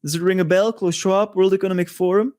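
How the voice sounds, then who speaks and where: A man's voice: high voice, fairly even intonation, quick pace, a little mellow. A man hosting a monologue-style commentary show, talking in a conspiratorial way with rhetorical asides. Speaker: host.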